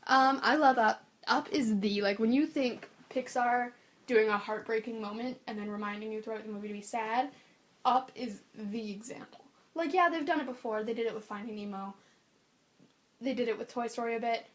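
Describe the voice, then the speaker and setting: A young adult woman co-hosting a podcast in casual chat, animated and blunt in her opinions. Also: on the high side, normal speed. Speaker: podcast co-host.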